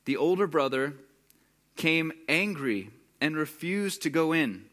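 A young man preaching in a relaxed, conversational way. His voice sits a little high, and now and then he slips into character voices to act out the people in the story. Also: measured pace. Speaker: pastor. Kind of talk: sermon.

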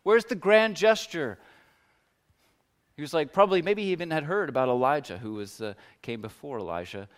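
Male pastor, casual conversational sermon delivery, animated when voicing scripture figures. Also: fast talker, hardly any pauses, clear, resonant tone. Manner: conversational, acts out biblical figures' words with rising pitch.

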